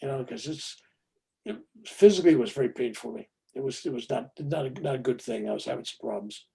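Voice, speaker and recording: A man in his seventies, a podcast guest, telling a personal story in an animated, chatty way with many "you know"s. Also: medium pitch, fast talker, creaky.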